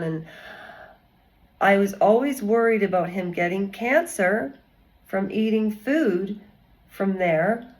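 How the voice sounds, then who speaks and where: Woman vlogger, slow and rambling, chatty and digressive. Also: medium pitch, darkish tone, poor audio. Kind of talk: casual commentary vlog.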